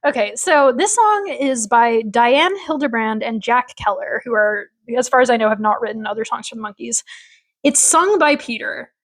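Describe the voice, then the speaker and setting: A woman's voice: a little high, lively intonation, moderate pace. A woman co-hosting a podcast, casually recapping a TV episode in an opinionated, rambling way full of fillers. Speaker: podcast co-host.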